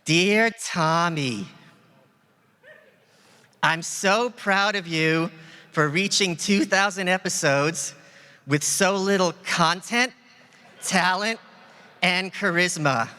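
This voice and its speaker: A man voicing an insulting, wisecracking male puppet dummy in a ventriloquist stage act, with a slow, mocking roast delivery. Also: high-pitched, sharp tone, clear, resonant tone, heavily acted. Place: large event hall on stage. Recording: reverberant hall, faint ambience.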